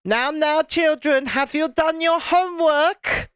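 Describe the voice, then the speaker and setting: A man's voice: extremely high pitch, slow, fairly bright tone, no echo, studio quality, voice pushed up, full character voice. A man voicing a stern female communist schoolteacher, mock-stern and commanding. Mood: scolding.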